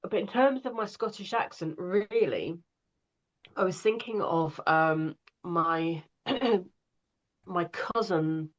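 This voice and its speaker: A woman with a fairly low pitch speaks slowly over lo-fi sound. She's an audiobook narrator from northwest England, chatting as a guest in a relaxed, rambling way with frequent fillers.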